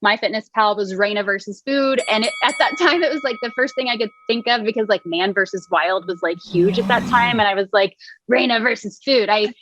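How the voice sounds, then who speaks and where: A woman's voice: mid-range voice, brisk, hardly any pauses. A woman in her thirties, a wellness coach, chatting in an interview, laughing often and using lots of fillers. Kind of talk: casual interview chat.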